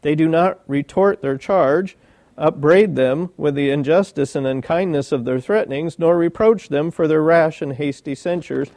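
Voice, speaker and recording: Man preaching, reads old bible commentary then asks the room stuff, gravelly and mellow, slightly high. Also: moderate pace, no room sound. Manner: reads old commentary aloud, breaks off to ask the listeners questions. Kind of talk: sermon reading from commentary.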